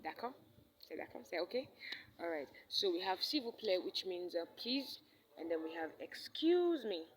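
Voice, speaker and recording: A woman teaches French to beginners in a recorded lesson. Her voice sits on the low side, and she repeats each example phrase and checks in with "all right?". A faint hum of background noise runs under the recording. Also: lively intonation, moderate pace, poor audio.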